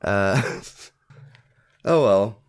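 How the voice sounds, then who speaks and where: A man's voice: lowish voice, lively intonation, extremely slow, clean tone. A man co-hosting a podcast in casual chat, thinking aloud with frequent restarts and fillers. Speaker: podcast co-host. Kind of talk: casual chat reviewing a TV episode.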